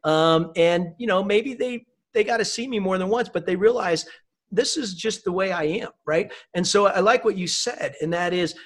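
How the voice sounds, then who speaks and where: A man's voice: high-pitched, moderate pace. A man as a podcast guest, talking casually and upbeat, with many "you know" and "right" fillers. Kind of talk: casual conversation.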